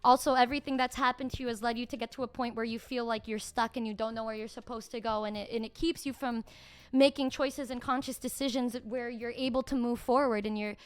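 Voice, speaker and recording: A woman voicing a pushy, smooth-talking female street psychic in a low, hushed, knowing drawl. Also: steady tone, quick pace, natural voice.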